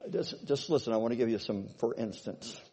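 A man preaching a sermon, telling stories and checking in with his congregation, swinging from loud bursts to low asides. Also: brisk, slightly rough. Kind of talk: sermon with storytelling.

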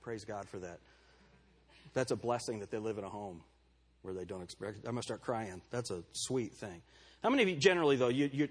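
Husky-voiced male pastor preaching casually. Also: medium pitch. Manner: conversational, calls on congregation members by name; candid and self-deprecating. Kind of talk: sermon. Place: church service before a congregation.

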